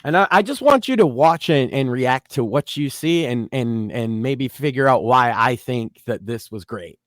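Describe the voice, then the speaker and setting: Animated, opinionated man ranting. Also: medium pitch, moderate pace, no room sound, studio quality. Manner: opinionated, ranting, mocking quotes. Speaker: podcast co-host. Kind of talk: casual online show chat.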